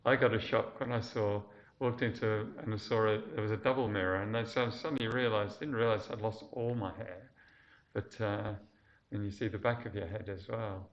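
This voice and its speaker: A man giving a casual Buddhist lecture, speaking haltingly with many fillers and restarts. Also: fairly low pitch. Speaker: dharma teacher. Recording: dull lo-fi lecture recording.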